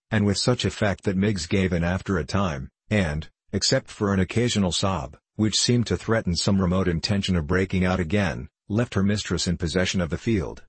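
A man narrating a classic novel in measured storytelling. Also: deep voice, slightly rough, dry recording. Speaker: audiobook narrator. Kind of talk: scripted narration.

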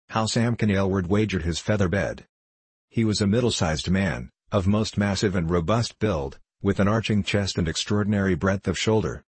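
A man narrating an audiobook in an even, measured reading. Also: deep voice, husky, dry recording.

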